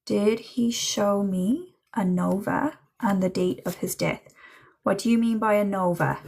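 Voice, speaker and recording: Woman doing a livestream psychic reading, lots of ums and giggles, kinda gravelly fry in her voice. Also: medium pitch, a little slow, darkish tone. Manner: chatty, hesitant, filler-heavy, laughs often. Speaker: medium.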